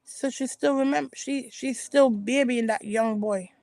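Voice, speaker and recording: A woman's voice: a little high, a little slow, darkish tone, dry recording. A woman giving casual opinion commentary as a vlogger, talking emphatically and repeating herself with restarts. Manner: emphatic and repetitive, with frequent restarts.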